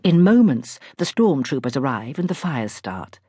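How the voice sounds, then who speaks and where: A woman reads a literary novel with wry, lively storytelling, her pitch moving a lot. Her tone is husky. The studio sound is close and dry. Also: normal speed, no room sound. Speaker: audiobook narrator. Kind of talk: scripted literary narration. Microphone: close studio mic.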